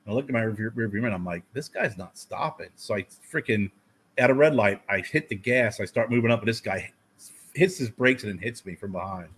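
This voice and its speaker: A man co-hosting a podcast in casual chat, an animated and profane storyteller who acts out his own past lines. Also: lowish voice, fast, a little hiss or hum. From United States. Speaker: podcast co-host.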